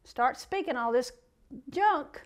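High-voiced woman preaching a folksy sermon. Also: expressive, takes it slowly. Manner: reads scripture aloud, then breaks off to preach in folksy asides.

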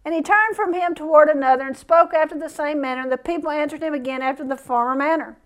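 A woman's voice: high voice, fast talker. A woman preacher delivering a sermon, reading scripture aloud and breaking into folksy, fiery asides.

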